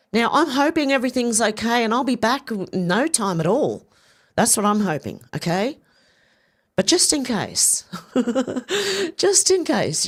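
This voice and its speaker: Chatty Australian woman on a livestream. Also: on the low side. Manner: rambling, chatty, repeats herself, quick laughs. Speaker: livestream host. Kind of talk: casual livestream chat reading viewer comments.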